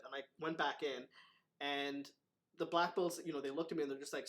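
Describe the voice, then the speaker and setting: A man's voice: fairly high pitch, steady tone, quick pace, fairly bright tone. A man hosting a casual talk as a martial arts instructor. He tells his stories in a rambling way, full of fillers and acted quotes. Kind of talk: casual storytelling chat.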